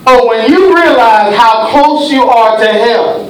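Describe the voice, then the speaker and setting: A high-pitched man preaches a dramatic sermon, dropping to a hush and then rising to a shout. He sounds far off, his voice ringing through a very echoey church hall over a faint hiss. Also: measured pace, crowd noise. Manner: dramatic storytelling preaching, swinging between hushed and shouted.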